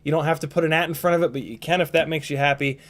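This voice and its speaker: A man's voice: on the high side, fairly even intonation, very fast. A man hosting a casual live stream, rambling and joking as he reads out viewer names, his voice tired and strained. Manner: rambling, playful, swearing, frequent ums and throat clearing. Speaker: livestream host.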